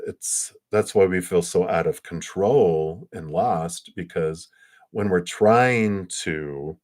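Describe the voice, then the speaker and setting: A man giving a casual spiritual talk on a livestream, animated and acting out quotes between chuckles. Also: sits low. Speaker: spiritual reader.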